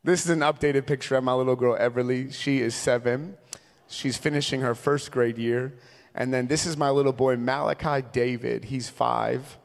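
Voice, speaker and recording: A man's voice: medium pitch, fairly even intonation, moderate pace, creaky. A man in his thirties from Minnesota, a traveling evangelist preaching a sermon with humorous, conversational storytelling. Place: large church sanctuary. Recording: long reverb from a large church hall.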